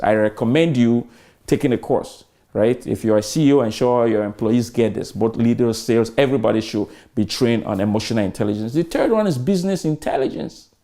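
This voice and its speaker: A man's voice: mid-range voice, mellow. A man in his fifties giving an emphatic customer service training lecture, full of rhetorical questions and repetition.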